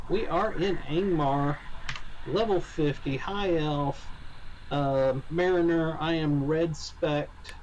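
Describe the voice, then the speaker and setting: A man's voice: fairly high pitch, slow pace, a little mellow, dull audio, a little hiss or hum. A man live-streaming an online role-playing game, chatting casually and muttering as he troubleshoots his audio, his voice cracking now and then. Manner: muttering, troubleshooting aloud, mildly exasperated.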